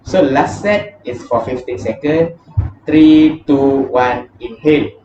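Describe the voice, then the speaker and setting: Man leading a warm-up in an echoey room. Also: mid-range voice, a little slow, over music. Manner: counts down steps and explains with casual fillers. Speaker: vocal warm-up instructor. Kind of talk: guided breathing exercise lesson. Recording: echoey room, distant mic, dull and noisy.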